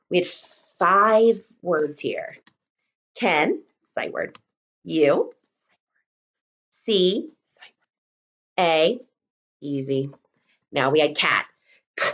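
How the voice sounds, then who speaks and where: A young woman teaching kindergarten remotely from home, speaking in a slow, encouraging, sing-song teacher voice and sounding words out. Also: mid-range voice, very animated. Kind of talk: remote lesson for young children. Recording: dull lo-fi recording.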